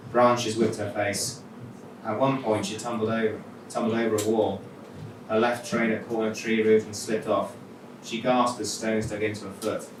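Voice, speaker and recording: A man with a Welsh accent reading his own short story aloud at a live literature event, with wry conversational asides. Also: on the low side. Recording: echoey hall, mic from far off, noisy.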